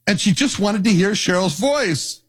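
An older man giving a sermon as pastor, telling folksy personal stories with an animated, conversational delivery. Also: high voice, normal speed, breathy edge. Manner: storytelling, animated, folksy asides.

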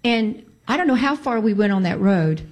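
A woman's voice: medium pitch, animated, moderate pace, darkish tone. A woman telling a personal story in a casual way, emphatic and repeating phrases for emphasis.

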